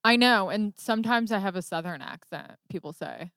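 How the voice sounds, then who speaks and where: A woman's voice: medium pitch, animated, moderate pace, fairly bright tone, dry recording, clean studio sound. A woman in her thirties from New York hosting a podcast, chatty and rambling with lots of "like.". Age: 30s. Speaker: podcast host. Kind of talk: casual podcast interview.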